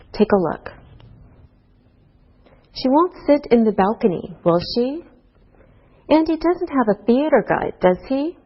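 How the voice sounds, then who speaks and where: A woman teaching an English grammar lesson to a class, speaking slowly and deliberately through example sentences. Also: a little high, breathy edge. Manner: slow, deliberate teacher talk with rising and falling example tags. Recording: dull lo-fi course recording.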